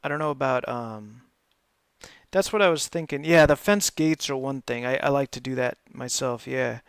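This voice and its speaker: A man's voice: medium pitch, normal speed, smooth, no room sound, studio quality. A man chatting casually while streaming a building game, laughing often and filling his talk with lots of ums. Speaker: live gaming streamer.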